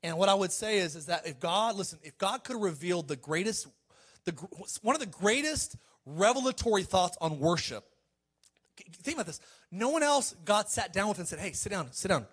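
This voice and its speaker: A man preaching a sermon to a congregation, swinging between loud calls and quiet asides and asking for amens. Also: high voice, animated, moderate pace.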